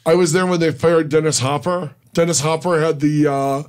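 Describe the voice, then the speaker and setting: A man's voice: a little high, steady tone, normal speed, a little mellow, smooth. A man co-hosting a radio talk show, teasing his co-host and telling set stories. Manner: storytelling, teasing. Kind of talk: casual radio chat.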